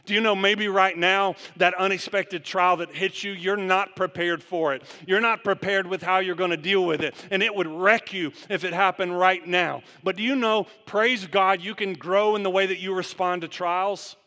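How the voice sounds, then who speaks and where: A man's voice: sits high, fairly even intonation, moderate pace, few pauses, bright, forceful tone. A man preaching a sermon as pastor, putting rhetorical questions to the congregation in long runs. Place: church sanctuary. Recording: long church reverb.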